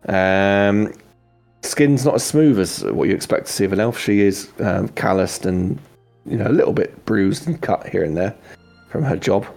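Low-voiced game master narrating. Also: male voice, normal speed, gravelly, faint music behind. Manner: relaxed, hesitant with fillers.

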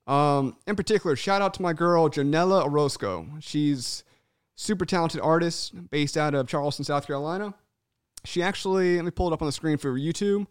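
A man co-hosting a casual podcast, animated and swearing freely, acting out people's voices when he tells stories. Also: on the high side, a little fast, clear, resonant tone, no echo, studio quality. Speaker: podcast co-host.

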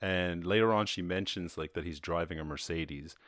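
Deep-voiced Irish man chatting loosely. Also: moderate pace, very noisy. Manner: loose and profane, with frequent laughs. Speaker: host. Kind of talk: casual commentary reacting to a video.

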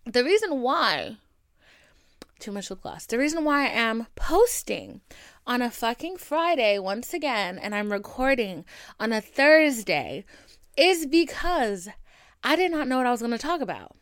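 Young woman, solo podcast host, higher voice, smooth and dry, blunt and swearing. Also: a little slow, dry recording. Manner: candid, profane, animated storytelling. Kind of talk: casual solo podcast venting.

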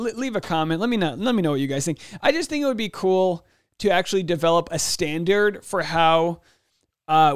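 A young man rambles through a solo podcast episode, restarting sentences and leaning on fillers. His voice sits a little high and sounds smooth and clear. The close, dry mic picks up no room at all. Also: dry recording. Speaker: podcast host.

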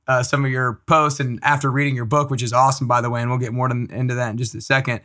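A man's voice: medium pitch, level tone, fast, sharp tone. A man hosting a podcast, upbeat and enthusiastic as he introduces and interviews his guest. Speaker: podcast host.

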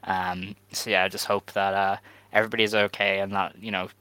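A man's voice: deep voice, a little fast, clear, resonant tone, dry recording, poor audio. A man co-hosting a podcast, chatting casually about news with plenty of ums and restarts. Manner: relaxed, hesitant with many fillers. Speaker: podcast co-host. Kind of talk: casual chat.

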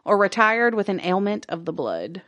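A woman's voice: mid-range voice, very animated, normal speed, fairly bright tone, no echo, lo-fi sound. A woman co-hosting a casual podcast, reading an article aloud, stumbling over words, laughing and swearing casually along the way.

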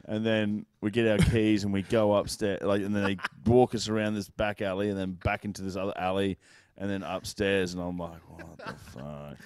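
Australian man, hungover co-host, low voice, rambling, swears, laughs. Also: smooth, no room sound. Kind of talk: casual storytelling chat.

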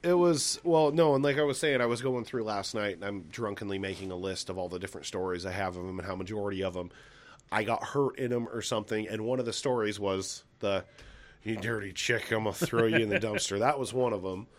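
A man's voice: fairly low pitch, fast talker. A man co-hosting a podcast, telling rambling, profane family stories and laughing at them. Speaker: podcast co-host. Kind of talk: casual storytelling chat.

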